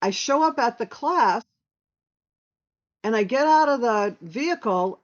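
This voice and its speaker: Animated woman telling a story, lo-fi. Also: a little high, normal speed. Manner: animated, quoting others in lively voices. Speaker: storyteller sharing memories. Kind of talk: casual spoken anecdote. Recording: dull lo-fi sound.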